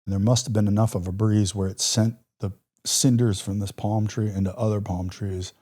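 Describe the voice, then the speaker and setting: A man's voice: fairly low pitch, steady tone, moderate pace, dark tone. A man in his forties, a military veteran telling war stories as a podcast guest, vivid and reflective, with casual fillers. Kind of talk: podcast interview storytelling.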